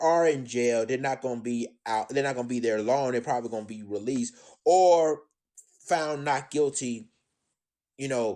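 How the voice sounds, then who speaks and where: A man giving indignant live-stream commentary, addressing his audience as ladies and gentlemen, often repeating himself. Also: mid-range voice. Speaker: commentator on current events.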